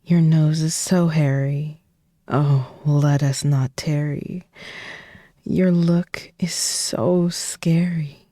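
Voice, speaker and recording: Brief: crude, smitten storybook ogre, read by a streamer, slow, dry close sound. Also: mid-range voice, fairly even intonation, warm tone, dry recording. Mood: lovestruck. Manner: slow sing-song rhyming, partly whispered. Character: male ogre, lovestruck and crude.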